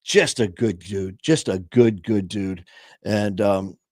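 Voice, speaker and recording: A man's voice: on the low side, takes it slowly, a little mellow, no room sound. A middle-aged man telling a long story in a casual chat, rambling with many fillers. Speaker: podcast host and former trainer.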